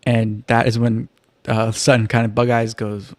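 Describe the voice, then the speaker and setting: A man's voice: medium pitch, fairly quick, no room sound. Chatty man recapping in a dry room. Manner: chatty, loose, leans on "kind of" and "like"; relaxed storytelling with wry asides. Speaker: reality TV recap host. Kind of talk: casual live-streamed episode recap.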